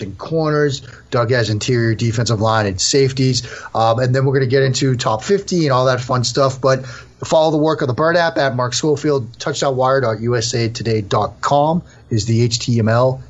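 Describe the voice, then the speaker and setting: A man who is a guest analyst on a sports podcast, talking emphatically in a casual interview. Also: mid-range voice. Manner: emphatic, repetitive. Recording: dull lo-fi sound.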